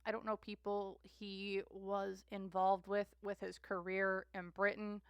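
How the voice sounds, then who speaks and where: A woman's voice: medium pitch, level tone, measured pace, few pauses, smooth, no echo, lo-fi sound. A woman giving a casual, rambling tarot reading monologue, repeating herself and trailing off into fillers. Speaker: tarot reader.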